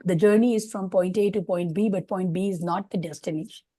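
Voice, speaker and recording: A woman's voice: lowish voice, a little fast, dark tone, no echo. A woman leadership coach sharing her view in an online group discussion, earnest and hesitant with many fillers.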